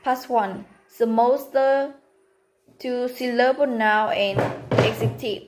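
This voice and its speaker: Slow-reading woman giving a class presentation. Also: on the high side, over loud music, poor audio. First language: Vietnamese. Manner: slow, careful, halting reading with pauses between words. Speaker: student presenter.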